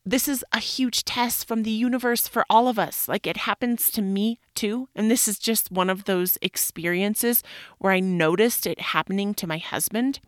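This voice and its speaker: A woman hosting a podcast, talking candidly about her own life in a frank, animated way, swearing casually and using lots of "like" fillers. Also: medium pitch, moderate pace, no room sound, clean studio sound. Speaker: podcast host. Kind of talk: candid personal monologue.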